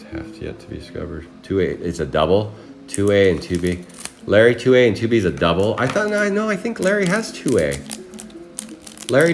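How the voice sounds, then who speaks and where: A married man casually hosting a live trading card break, rambling and chatting with viewers by name while listing cards. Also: lowish voice. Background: music.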